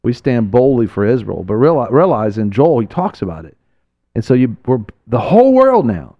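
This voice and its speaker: A man hosts a religious broadcast with fervent, exhorting commentary, repeating key phrases for emphasis. His pitch sits in the ordinary middle range. The recording sounds slightly dull and muffled. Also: very animated, moderate pace.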